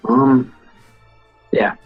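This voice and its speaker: A man narrating as game master, explaining the rules and calling out damage in a steady, measured way. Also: phone-quality sound, faint music behind.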